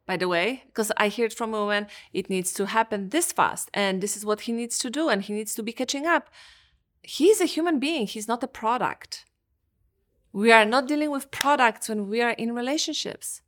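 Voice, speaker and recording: A woman's voice: on the high side, a bit bright. A woman hosting a podcast, giving an earnest, emphatic motivational talk as a coach and acting out her clients' words.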